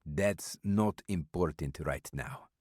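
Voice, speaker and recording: A burly older foreign businessman with a thick, clipped Eastern European accent, as a man puts him on. He talks slowly and deliberately, keeping his cards close. The voice is deep and sits in a dry, close sound. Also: darkish tone, slightly rough, dry recording, exaggerated voice. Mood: cagey, insistent. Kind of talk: audiobook character voice.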